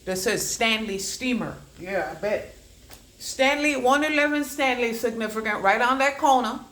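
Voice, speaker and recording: A woman giving a channelled oracle card reading. She rambles and repeats words in chanting bursts, swinging between low murmurs and loud declarations. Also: lively intonation, moderate pace. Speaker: psychic oracle card reader. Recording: echoey room.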